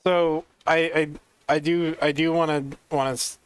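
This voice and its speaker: A man co-hosting in casual chat, talking haltingly with many restarts. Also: fairly high pitch, fairly even intonation, smooth, no echo. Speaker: co-host.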